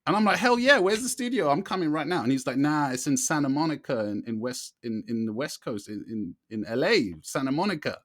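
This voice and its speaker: A man, co-hosting a podcast and telling a long story in a lively way, often asking "you know what I mean". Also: medium pitch, a little fast, no echo, studio quality. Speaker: podcast co-host. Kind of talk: casual storytelling chat.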